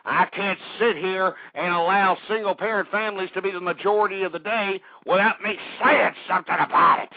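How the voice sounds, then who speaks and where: A hoarse man with a high-pitched voice rants on his own talk radio show, indignant and swearing as he harangues his listeners. The sound is thin and phone-like, as if carried down a telephone line. There is no room echo at all. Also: fairly even intonation, fairly quick, few pauses. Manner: ranting, indignant, swearing, addresses listeners as folks.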